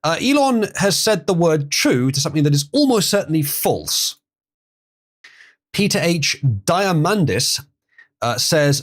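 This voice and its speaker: A man's voice: fairly high pitch, sing-song, unhurried. Chatty man hosting a livestream. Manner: chatty, laughs often, restarts sentences. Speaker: livestream host. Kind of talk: casual livestream commentary reading chat.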